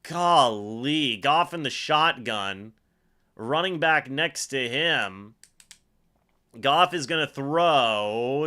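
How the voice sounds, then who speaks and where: A young man hosting a live fan watch-along, giving play-by-play and reacting excitedly, often repeating himself. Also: a little high, slow pace. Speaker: fan livestream host calling a football game.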